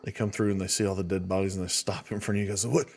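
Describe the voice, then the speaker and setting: A man's voice: low voice, little pitch movement, very fast, faint music behind. A man narrating combat and scenes as game master of a tabletop game.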